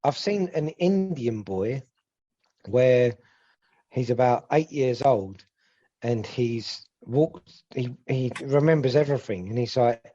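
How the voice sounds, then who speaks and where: Man, casual podcast chat, rambling, husky voice, slightly dull lo-fi sound. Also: mid-range voice, animated, slow pace, dark tone. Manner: rambling, repeats himself, swears casually. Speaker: podcast co-host.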